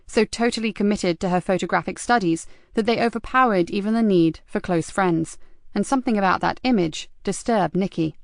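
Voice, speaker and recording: A woman narrates a crime thriller audiobook in a steady, even reading voice. Her tone carries a gravelly, creaky texture. The recording is dry and close, with no room sound. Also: medium pitch, no room sound. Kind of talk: scripted narration.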